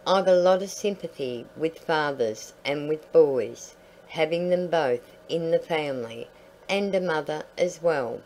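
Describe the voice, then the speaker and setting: Woman reading a wistful airedale dog, low slow voice, soft and wondering. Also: slight background noise, rough recording. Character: Tam, wistful male Airedale dog, newly arrived.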